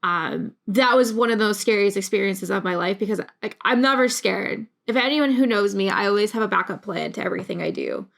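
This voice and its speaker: Rambling young woman with gravelly fry. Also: mid-range voice, a little fast, few pauses, a bit bright. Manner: rambling, emotional, many restarts. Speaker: YouTube creator. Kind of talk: casual talk to camera.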